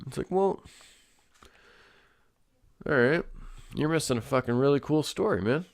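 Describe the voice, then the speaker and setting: A man's voice: mid-range voice, animated, brisk, vocal fry, long pauses. Rambling, profane young man chatting solo. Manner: rambling, profane, lots of fillers. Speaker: podcast host. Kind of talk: casual solo chat.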